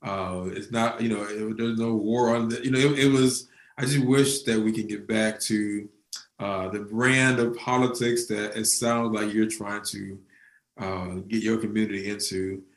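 Friendly host guy with a lowish voice, rambles a bit, echoey room sound. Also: level tone, a little slow. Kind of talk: conversational interview.

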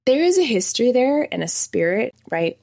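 Woman podcast host, high voice, very lively intonation, gushing casual chat. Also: normal speed, vocal fry. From Utah. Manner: animated, gushing, acts out voices in stories.

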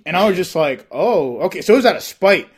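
A man as a podcast guest in casual chat, excitable and laughing often, calling the host bro. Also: high-pitched, quick pace, background noise.

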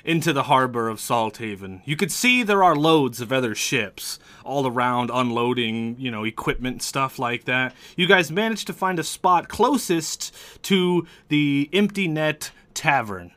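A man's voice: mid-range voice, a little slow, few pauses, a bit bright. A man narrating a tabletop game as game master, in a loose, chatty way with frequent restarts.

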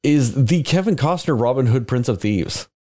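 A man's voice: medium pitch, normal speed. A man co-hosting a podcast, talking casually and profanely, mocking himself about the films he loves. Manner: profane, self-mocking, animated. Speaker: podcast co-host. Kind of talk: casual chat.

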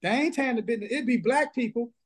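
A man's voice: very high-pitched, fast. A man who pastors a church, talking bluntly and emphatically in an interview over a video call, with a Southern accent. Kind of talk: casual interview, preaching energy.

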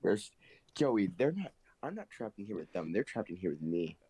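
Man, tabletop game player, laid-back, joking, very low voice. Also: very animated, moderate pace, crowd noise, low-quality recording. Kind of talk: casual tabletop game play.

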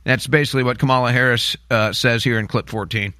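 A man's voice: medium pitch, fairly even intonation, fast, pushed and bright, dry recording. A man hosting a talk radio show, commenting in an indignant, mocking way and repeating his points.

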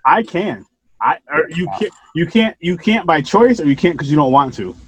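A man hosting a podcast, chatting casually and rambling with animated bursts and casual swearing. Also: a little high, normal speed, breathy edge, no echo, low-quality recording. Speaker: podcast host.

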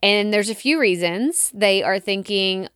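A woman's voice: medium pitch, a little slow, a bit bright, smooth, no room sound, clean studio sound. A woman with a Texas accent hosting a solo podcast, talking in a chatty, encouraging way and acting out her listeners' worries. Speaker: podcast host. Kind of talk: solo podcast coaching talk.

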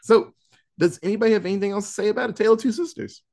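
A man's voice: high voice, very fast, vocal fry. A man hosting a casual podcast, swearing often and rambling as he wraps up the show. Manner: profane, rambling, animated. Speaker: podcast host. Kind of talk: casual chat.

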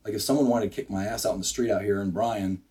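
A man in his sixties from Wisconsin, a business owner telling a story in a podcast studio interview, animated and acting out what people said. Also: fairly low pitch, quick pace. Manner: energetic, acts out quotes, frequent restarts.

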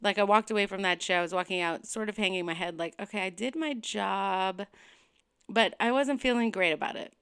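A woman's voice: medium pitch, fairly bright tone, smooth. A young woman comedian telling a personal story in a vlog, rambling and candid, with many fillers. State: tearful, emotional near the end.

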